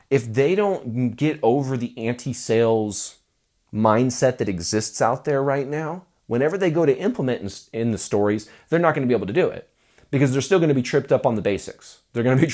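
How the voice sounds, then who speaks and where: A man giving casual talking-head advice to musicians as a music business coach, playful and animated, acting out mock sales pitches.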